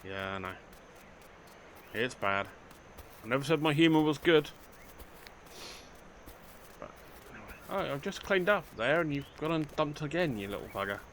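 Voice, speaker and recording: Chatting his way through a let's play, this older gaming host jokes at his own expense with a dry wit and addresses the characters on screen. His voice sits on the high side, expressive and a bit bright, moving at a moderate pace with long pauses and slight background noise.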